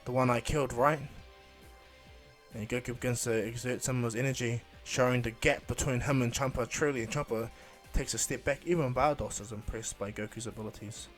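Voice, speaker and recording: A male storyteller rambling through an improvised fan retelling, pausing on fillers and restarting. His voice sits at a middling pitch, with faint music under it. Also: fairly even intonation.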